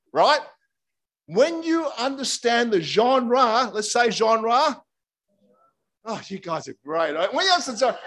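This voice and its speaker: A middle-aged man preaching a sermon in a lively, chatty way, drawing his congregation in. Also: high-pitched. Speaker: pastor.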